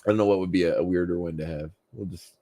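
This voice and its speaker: A man's voice: low voice, steady tone, rapid-fire, dark tone. A man co-hosting a casual podcast, recapping a cartoon episode in a chatty way and laughing often. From Canada. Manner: chatty, laughs often, slips into jokey voices. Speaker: podcast co-host.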